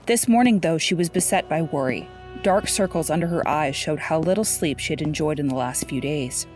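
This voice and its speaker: A woman narrating a story in a steady, even-paced scripted reading. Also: deep voice, fairly quick. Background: faint music.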